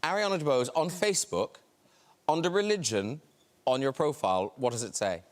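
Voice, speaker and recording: A man's voice: mid-range voice, animated, normal speed. A man with an Irish accent hosting a talk show, playfully teasing his guests with questions. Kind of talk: chat show interviewing. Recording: loud studio audience and noise.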